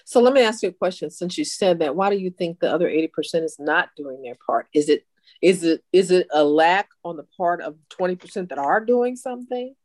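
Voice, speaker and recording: A woman's voice: fairly low pitch, brisk, a little mellow, no echo. A woman in a church discussion class asking probing follow-up questions.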